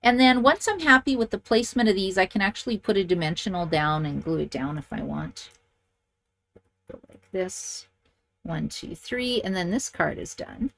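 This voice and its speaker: A woman's voice: medium pitch, expressive, moderate pace, vocal fry, a bit bright. A middle-aged woman demonstrating card making, chatty and enthusiastic, thinking aloud as she works. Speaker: papercraft demonstrator. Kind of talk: casual crafting tutorial.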